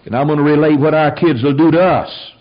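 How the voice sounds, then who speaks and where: A man preaching a sermon in a folksy, emphatic way, full of quick asides. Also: fairly high pitch. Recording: dull lo-fi radio broadcast.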